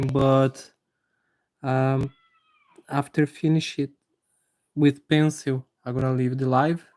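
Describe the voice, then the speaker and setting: Guy drawing anatomy live, warm mellow voice, lots of restarts. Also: medium pitch. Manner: halting, many fillers and restarts, friendly to viewers. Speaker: anatomy drawing livestream host. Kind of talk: live drawing tutorial with chat greetings.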